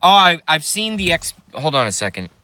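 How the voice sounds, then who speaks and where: Male streamer, rambling profane rant to chat, nervous giggler, forceful bright voice, dry close sound. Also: a little high, sing-song, normal speed, no echo. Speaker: YouTube streamer.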